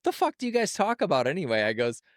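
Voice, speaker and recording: Young male co-host, easygoing and agreeable, animated slightly high voice, dry studio sound. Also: quick pace, no room sound. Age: young adult. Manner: laid-back, agreeable, storytelling. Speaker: podcast co-host. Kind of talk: casual podcast chat.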